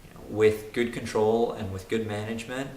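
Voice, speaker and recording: A man's voice: fairly low pitch, flat delivery, normal speed, dark tone. A young man, a race car driver, telling his own story in an earnest, reflective way, often restarting his sentences. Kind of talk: personal testimonial. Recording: roomy room with faint hiss.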